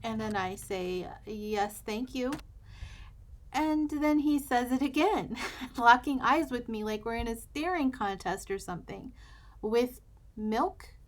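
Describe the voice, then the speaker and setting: A woman's voice: fairly high pitch, expressive, normal speed. Chatty American woman telling a story. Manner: chatty, wry, humorous storytelling. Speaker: journaling channel host. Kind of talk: casual storytime while journaling.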